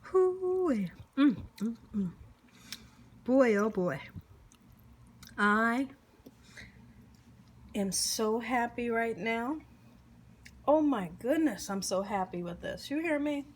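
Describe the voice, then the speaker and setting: A woman's voice: fairly high pitch, big pitch swings, takes it slowly, long pauses, slight background noise. A woman hosting a casual cooking vlog, tasting her dish on camera with lots of savoring hums and exclamations, talking straight to the viewers. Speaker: cooking channel host.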